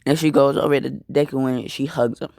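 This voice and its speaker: A man's voice: mid-range voice, fairly even intonation, a little fast, gravelly, darkish tone, no echo, clean studio sound. A young man casually retelling a fan-made story, rambling with lots of fillers. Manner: rambling, filler-heavy, apologetic asides.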